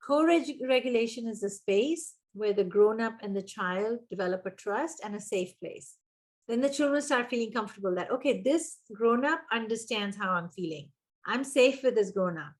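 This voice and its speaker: Older woman coach with a higher voice. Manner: engaging, asks the audience questions and repeats key words for emphasis. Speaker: early childhood education coach. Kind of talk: webinar presentation.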